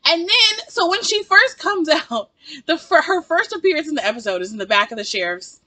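A woman's voice: high voice, lively intonation, brisk, bright, forceful tone, dry recording. A woman giving a casual reaction review of a TV episode, ranting in exasperation and laughing often.

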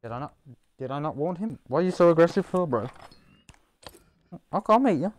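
Excitable British man yelling at game enemies. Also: a little high, a little fast. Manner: excitable, joking, shouts and laughs at game enemies. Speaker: gaming YouTuber. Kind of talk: playing a VR game with commentary.

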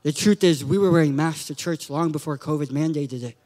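A man preaching a lively sermon in a church, joking and acting out quotes with sudden shouts. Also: on the high side, brisk, long reverb tail. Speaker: guest preacher.

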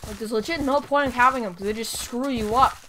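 High-pitched, excitable woman gamer. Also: fast talker, a little hiss or hum. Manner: excitable, rambling, bursts of yelling. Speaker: gaming video creator. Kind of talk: live game commentary. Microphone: desk microphone.

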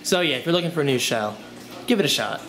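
A man's voice: on the high side, expressive, quick pace, a bit bright, slight background noise. A young man chatting casually in a home vlog, joking around and talking to his dogs as he moves from room to room. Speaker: vlogger. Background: music playing from his phone.

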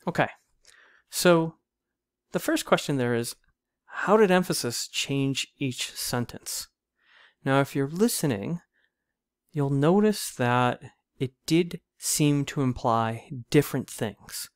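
A man's voice: medium pitch, expressive, slow, no room sound, studio quality. A man who teaches literature, giving a casual, conversational video lecture and often checking in with "right?". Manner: casual, conversational, frequent "right?" tag questions. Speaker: literature instructor.

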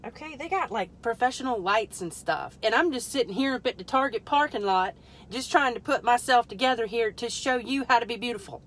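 A woman's voice: fairly high pitch, lively intonation, brisk, fairly bright tone. A woman hosting a casual product-testing live stream from a parked car, rambling through joking asides to her viewers and muttering under her breath as she fiddles with the product. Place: parked car in a store parking lot.

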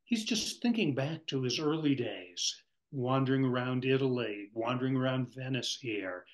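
A man leading a poetry workshop, reading lines aloud and then pausing to explain them. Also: mid-range voice, rough recording. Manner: reads lines slowly, then glosses them. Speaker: workshop facilitator.

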